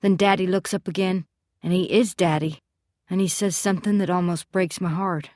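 A woman giving scripted first-person narration of a story in a measured, steady storytelling delivery. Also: lowish voice, no echo, clean studio sound. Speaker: audiobook narrator.

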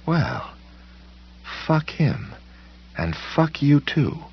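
A man's voice: fairly low pitch, huge pitch swings, a little slow, husky, dull audio, pitched above the performer's own voice, exaggerated voice. A man putting on a snarling monstrous woman. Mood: menacing sweetness. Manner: snarling, hissing half-whispers and sudden sweet shrieks. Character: furious woman turning into a creature, snarling and menacing.

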